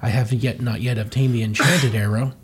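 A man's voice: mid-range voice, fairly even intonation, brisk, husky. A man reading the lines of a stern, proud male warrior archer in a lofty, condescending tone. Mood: haughty.

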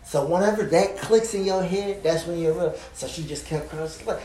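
A man's voice: high-pitched, moderate pace, hardly any pauses, dark tone, a little hiss or hum. A man who is a guest on a podcast, rambling and repeating himself as he tells a story. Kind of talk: casual chat. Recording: echoey room, faint music.

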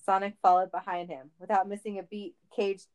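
A woman's voice: mid-range voice, flat delivery, fairly quick, low-quality recording. A woman reading a comic story aloud in a playful manner. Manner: playful, laughing.

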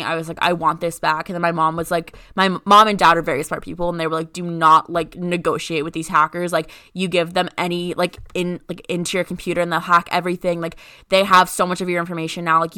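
A woman's voice: fairly low pitch, flat delivery, fast talker, hardly any pauses, pushed and bright, clear, resonant tone, dry recording, studio quality. A young woman co-hosting a podcast, telling a story in casual chat and filling it with "like". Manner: rambling, heavy use of "like". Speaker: podcast co-host.

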